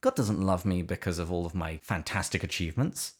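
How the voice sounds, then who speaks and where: A man with a notably deep, low voice speaks in a relaxed, conversational way on a podcast. He talks about faith in an earnest, reflective manner. Now and then he slips in some dry humor. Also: a little fast, husky. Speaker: podcast co-host.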